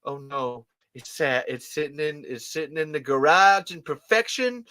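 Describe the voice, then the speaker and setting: A vlogger unboxing collectibles, giddy and breathless, gasping and rambling with casual swearing. The pitch swoops all over the place, and the tone is bright and forceful. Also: expressive, normal speed, few pauses. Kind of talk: excited unboxing vlog.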